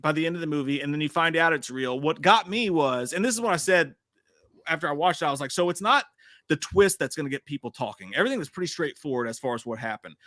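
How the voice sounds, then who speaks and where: Casting: quick, bright male co-host, loose and profane, dry close mic. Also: on the high side, lively intonation, no echo. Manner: profane, laughs often. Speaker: podcast co-host. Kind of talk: casual movie discussion.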